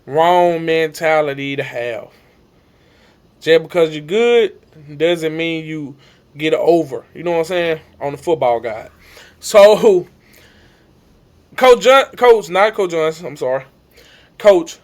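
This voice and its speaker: A young man telling an emotional personal story to his viewers, acting out the shouts and the voices of coaches along the way. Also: on the high side, a little slow, pauses often. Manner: animated, acts out shouts and coaches' lines.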